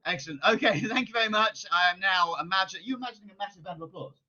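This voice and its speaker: A man's voice: high-pitched, racing. A man, a children's author, talking to young kids in a playful, chatty way and coaxing them to join in. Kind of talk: lively children's show with call-and-response. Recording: dull lo-fi sound with loud guitar and keyboard music.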